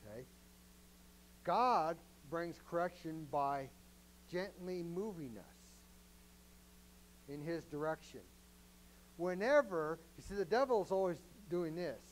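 A man's voice: on the high side, lively intonation, slow, pauses often, a little hiss or hum, rough recording. A man preaching a sermon as a pastor, in a conversational, joking way and often asking the congregation questions.

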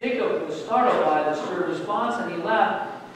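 Man, high voice, storybook reading, sanctuary echo, distant mic. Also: normal speed, a little hiss or hum. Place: church sanctuary. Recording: echoey church hall from afar.

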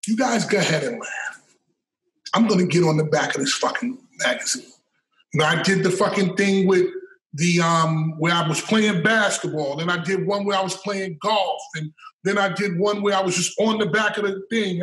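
A middle-aged man telling his story as an interview guest, animated, emphatic and full of swearing. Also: high-pitched. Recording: echoey room, mic at a distance.

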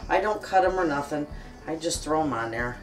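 A woman's voice: low-pitched, animated, a little fast, recorded from a distance, faint music behind. A middle-aged woman chatting in a folksy, friendly way with her viewers while she cooks in her home kitchen. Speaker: cooking vlogger. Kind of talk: casual kitchen chat while cooking.

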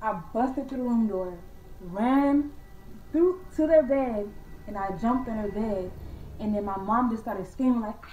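A young woman casually telling a true ghost story to her viewers, slangy and animated, calling them y'all and acting out her own scared voice. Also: fairly high pitch, a little slow, recorded from a distance, muffled recording, slight background noise. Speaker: vlogger. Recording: echoey room from off-mic.

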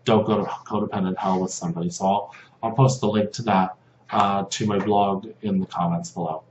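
A man giving a casual spoken lesson over slides, halting with many fillers and restarts, softening when he repeats short prayer phrases. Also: lowish voice, fairly even intonation. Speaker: video host teaching about control dramas. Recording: dull lo-fi audio in a roomy space with faint hum.

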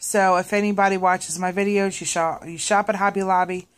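A woman's voice: medium pitch, a little fast. A woman chatting casually to viewers in a craft vlog, rambling with many fillers and restarts. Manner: animated when retelling a scene. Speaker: craft vlogger.

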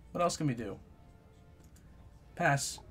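Young male gamer, lively swearing commentary, game music faintly under. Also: on the high side. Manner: profane, trash-talking, swings between loud outbursts and mutters. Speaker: gaming YouTuber. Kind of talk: live gameplay commentary.

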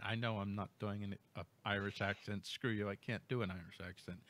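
A man hosting a casual podcast, animated and jokey, swinging between loud remarks and mumbled asides. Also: on the low side, fairly quick, few pauses, dry recording. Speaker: podcast host.

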